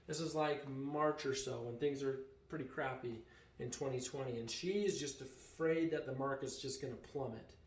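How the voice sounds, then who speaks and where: A man's voice: mid-range voice, moderate pace. A man casually telling a story in a vlog, retelling it with animation and acting out the quoted dialogue. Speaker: vacation rental owner and vlogger. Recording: echoey room.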